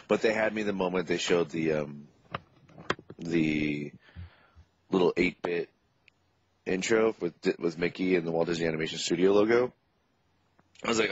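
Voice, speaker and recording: Deep husky enthusiastic male co-host. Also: lively intonation, normal speed, pauses often, lo-fi sound. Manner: enthusiastic, chatty. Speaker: podcast co-host. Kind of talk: casual film review chat.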